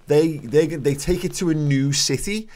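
A man's voice: a little high, unhurried, a little mellow. A man, co-hosting a podcast in casual chat, ranting and swearing with many restarts. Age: 30s. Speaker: podcast co-host.

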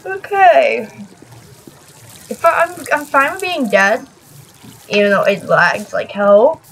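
A woman's voice: a little high, animated, slow pace, creaky, a little hiss or hum, rough recording. A young woman hosting a gaming channel, giving live gameplay commentary, often frustrated, swearing, and laughing at herself.

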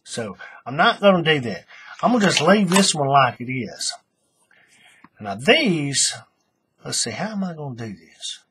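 A man's voice: fairly high pitch, very animated, unhurried, long pauses, a bit bright, slight background noise. A man hosting a casual craft tutorial, thinking aloud as he works and often restarting his sentences. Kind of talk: casual how-to demonstration.

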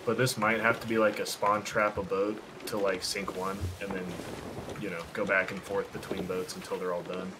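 A man streaming a multiplayer game, talking strategy with a teammate and cursing freely whenever things go wrong. His voice sits a little low. Loud background noise runs under his talk. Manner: profane, quick strategizing, excitable. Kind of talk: casual gaming chat with a teammate.

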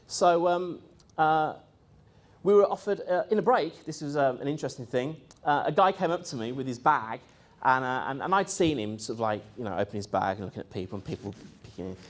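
A man's voice: medium pitch, a little fast. A man recounts events in loose, chatty storytelling. He wanders, restarts and fills gaps with ums and uhs. He slips into other people's voices when he quotes them. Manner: rambling, lively, quotes others in voices, frequent fillers. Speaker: speaker recounting experiences. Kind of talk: casual storytelling talk.

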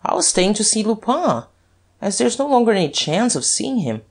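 Reader doing bored aristocrat duke, airy and high-pitched, audiobook. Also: male voice, very animated, moderate pace, creaky, heavily acted. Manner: airy, drawling, easily surprised. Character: Duke, careless young aristocrat, lightly mocking.

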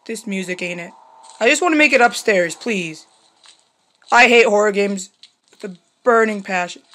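A woman's voice: medium pitch, moderate pace, fairly bright tone. A young woman playing a horror game on video, shrieking at each scare and then muttering to herself, her voice strained from screaming. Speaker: gaming YouTuber. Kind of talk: horror game let's play commentary.

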